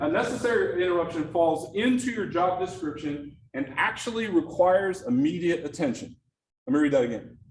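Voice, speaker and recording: Before a live audience in a meeting room, a middle-aged presenter leads an interactive productivity workshop, often turning questions to the room. His voice sits a little high, recorded from a distance in an echoey room with faint noise.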